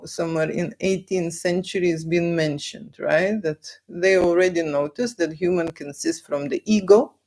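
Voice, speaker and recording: A woman's voice: lowish voice, darkish tone. Middle-aged woman lecturing with constant tag questions. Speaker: boudoir studio owner. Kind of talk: explanatory talk.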